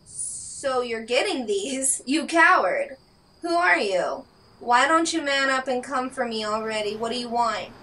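A woman's voice: fairly high pitch, lively intonation, unhurried, distant mic, poor audio. A woman playing an enraged young college guy. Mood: furious. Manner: shouting, confrontational. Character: young male college student, furious then terrified.

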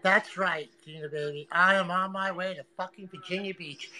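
Bright-voiced woman ranting angrily. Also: lowish voice, steady tone, moderate pace, hardly any pauses, faint music behind, low-quality recording. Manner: angry, profane, taunting; repeats phrases, loud outbursts. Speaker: livestreamer. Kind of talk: livestream rant.

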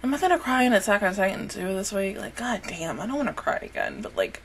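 A woman's voice: mid-range voice, wildly swooping pitch, fast, hardly any pauses, heavy background noise. A young woman hosting an anime reaction channel, talking casually and emotionally, swearing often as she reacts.

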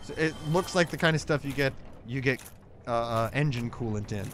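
A man's voice: mid-range voice, fairly quick, background noise. A man co-hosting a let's play, arguing in a pedantic, sarcastic way during casual gaming commentary.

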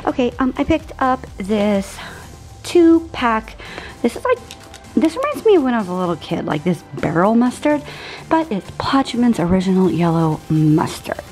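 A woman's voice: fairly high pitch, sing-song, normal speed, darkish tone, soft background music. A woman in her forties chatting through a grocery haul in an upbeat, rambling way. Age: 40s. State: out of breath. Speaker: vlogger.

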